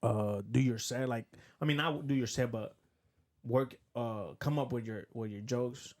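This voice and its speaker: A man hosting a podcast, chatting casually and telling stories in which he acts out the dialogue. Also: medium pitch. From Cuban and Puerto Rican family. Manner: rapid storytelling, acts out quoted dialogue. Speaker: podcast host. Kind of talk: casual chat.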